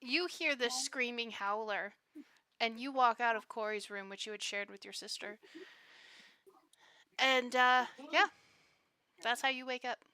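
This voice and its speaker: A woman running a tabletop game as game master, lively and blunt, swearing freely. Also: fairly high pitch, measured pace, long pauses, clear, resonant tone, no echo.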